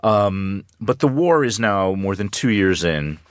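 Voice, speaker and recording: A man speaking as a news commentator in a radio studio discussion, measured with a dry wit and frequent ums. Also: fairly low pitch, lively intonation, dry recording. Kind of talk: radio current-affairs discussion.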